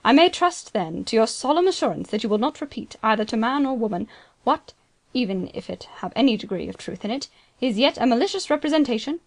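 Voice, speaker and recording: A woman voicing an anxious, proud older male banker, speaking in a hurried, pleading way. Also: a little high, animated.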